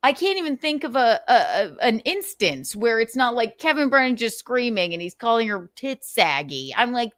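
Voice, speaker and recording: A woman's voice: on the high side, very animated, moderate pace, few pauses, fairly bright tone, no room sound, clean studio sound. A woman hosting a casual livestream, talking animatedly with frequent laughs and restarts. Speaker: livestream host.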